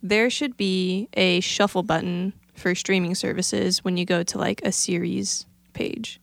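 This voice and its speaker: Gravelly woman giving firm opinions. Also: lowish voice, steady tone, a little slow, no echo. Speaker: podcast co-host. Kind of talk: casual chat.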